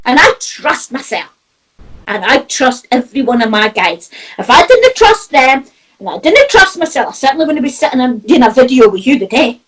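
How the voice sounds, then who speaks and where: A Scottish woman acting as a spiritual medium chats in an animated way, laughing often, her high voice bouncing freely up and down. She speaks at normal speed with a breathy edge, and the audio quality is poor.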